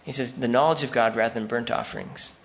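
A pastor delivers a sermon in a relaxed, conversational way, and every so often he acts out the voices of the people in his examples. His voice sits at an ordinary pitch for a man and carries a noticeable gravelly rasp. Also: fast talker.

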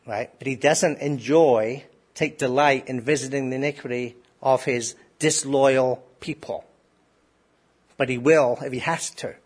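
A man's voice: medium pitch, steady tone, measured pace, husky. A man preaching a sermon to a congregation in a conversational way, often asking rhetorical questions. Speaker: pastor.

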